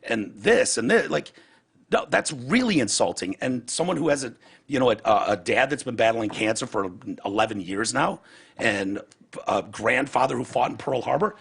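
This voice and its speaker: A man with a gravelly, husky voice hosts a podcast, talking in a heated, profane rant. His pitch swings widely as he acts out other people's words. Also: animated, normal speed, a bit bright. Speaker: podcast host. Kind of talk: casual chat.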